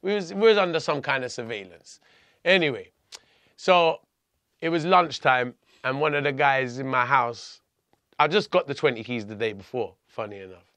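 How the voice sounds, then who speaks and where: Gravelly, bright-voiced man telling a story. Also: medium pitch, moderate pace, no room sound. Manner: animated, blunt storytelling with frequent restarts. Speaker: podcast guest. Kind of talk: telling a personal story in conversation.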